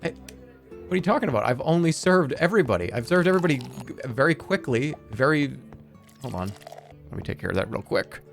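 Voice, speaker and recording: A middle-aged man gives playful, animated game commentary, his pitch leaping around as he jokes and swears casually. He has a soft bed of music running faintly underneath him. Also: fast, gravelly. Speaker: streamer.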